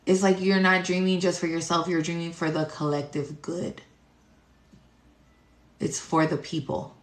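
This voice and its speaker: In a deep, level tone and an unhurried rhythm, a woman holds forth as a tarot reader on spiritual matters. She rambles bluntly, cursing heavily and using many fillers, while her voice rings in an echoing room.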